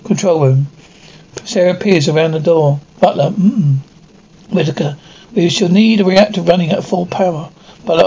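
Male reader, high voice, narrates and voices all parts plainly; lo-fi home-style recording. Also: dark tone, breathy edge. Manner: unpolished reading with frequent slips and restarts. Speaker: audio describer and reader. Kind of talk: reading a described episode aloud, voicing all parts plainly. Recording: dull lo-fi recording with faint noise.

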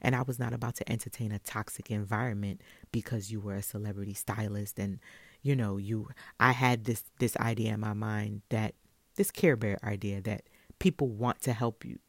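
A woman from Brooklyn, a hairstylist telling a story in a casual, animated way and laughing often. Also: very deep voice, normal speed, no room sound. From Brooklyn, New York.

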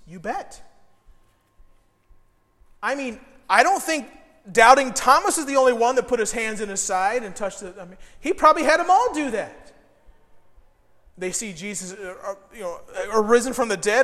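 A male pastor preaching a sermon, telling stories with animated, acted-out quotes. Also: high-pitched, moderate pace. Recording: long hall reverb.

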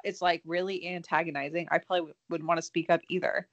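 A woman's voice: fairly low pitch, flat delivery, fast talker. A young woman co-hosting a podcast, chatting casually and sympathetically about a reality show, with some swearing. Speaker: podcast co-host.

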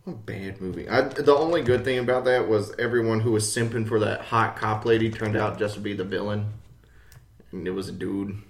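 A young man reads listener mail on a casual podcast, answering in a blunt, deadpan way with plenty of swearing. His voice has a gravelly edge, and the recording carries a roomy echo. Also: fairly low pitch, brisk. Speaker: podcast co-host reading listener questions.

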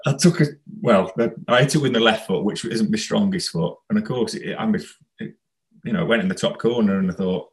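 Low-voiced man telling a football story. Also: brisk, poor audio. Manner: rambling, anecdotal, laughs while telling. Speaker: former footballer guest. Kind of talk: casual storytelling interview.

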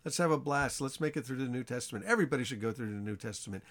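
A man teaching an informal Bible study sermon in a conversational way, asking his listeners questions and acting out the characters' lines. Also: rapid-fire. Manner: animated storytelling, acts out the characters' lines with rising pitch.

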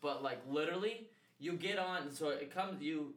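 A young man in his twenties chats casually on a podcast, his voice bright and forceful. He swears freely and laughs as he tells his stories, and the room sounds echoey around him. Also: a little high, moderate pace, recorded from a distance. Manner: profane, laughing storytelling. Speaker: podcast co-host. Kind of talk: casual chat.

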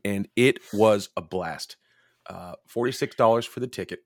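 A low-voiced man spins a long, rambling bar story in casual podcast chat, swearing freely. His voice is close and dry, with no room around it. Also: normal speed, no echo. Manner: profane, rambling anecdotes.

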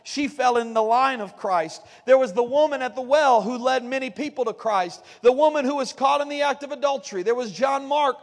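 Pastor guy preaching sunday sermon, really high voice, big echoey church sound. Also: a little fast, few pauses. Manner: preaching, rising to fervent shouts at the climax. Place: church sanctuary. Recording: long reverb of a church hall.

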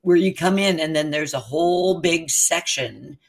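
Low-pitched and unhurried, this co-host's voice carries vocal fry and a slight roughness. In casual chat she spins a long story, animatedly acting out what the people in it said and laughing along the way.

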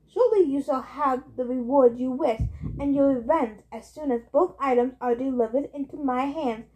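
A woman's voice: high voice, normal speed, a little mellow, close to an everyday voice, poor audio. A woman voicing a cold, evil male monster speaking from a pit, scornful and commanding.

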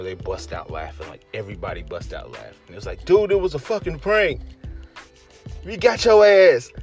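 A man, a podcast host, telling a story casually, slangy and animated, acting out his friends' lines. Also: lowish voice.

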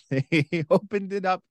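A man co-hosting a sports podcast, talking in a casual, animated way with quick asides and frequent laughter. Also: high-pitched, no echo, studio quality. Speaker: podcast co-host.

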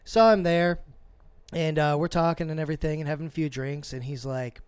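Animated, profane man telling a story. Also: fairly high pitch, a little fast, clean tone, dry recording. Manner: animated, profane, acts out quotes. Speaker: podcast co-host. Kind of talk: casual storytelling chat.

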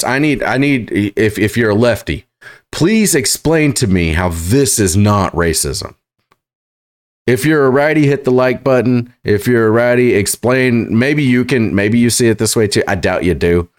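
A man hosting reaction commentary, sarcastic and halting, full of fillers and restarts. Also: medium pitch, lively intonation. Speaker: commentary host.

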